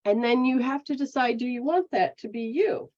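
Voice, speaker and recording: A woman giving a casual spiritual teaching talk. She acts out people's inner voices in a lively way. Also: a little high, moderate pace. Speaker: metaphysical practitioner. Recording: dull lo-fi recording.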